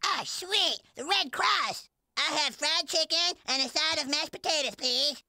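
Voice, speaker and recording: Bratty cartoon kid, super high pitched and sharp, whiny and bossy. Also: a little slow, heavily acted. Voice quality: high, squeaky, gravelly. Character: bratty chubby cartoon boy, greedy and rude. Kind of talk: cartoon voice acting.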